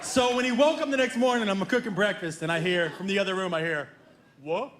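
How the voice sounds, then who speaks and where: A man telling a comic family story with animated, laughing energy. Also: high-pitched, fast talker, a crowd in the background, noisy background. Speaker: comedian. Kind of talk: storytelling stand-up comedy.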